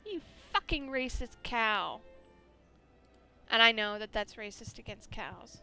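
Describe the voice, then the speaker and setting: Woman gaming host, sleepy, chatty, joking, higher voice, soft music behind. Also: expressive, a little slow, gravelly. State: yawning, sleepy. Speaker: let's play host. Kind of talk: casual game commentary and reading.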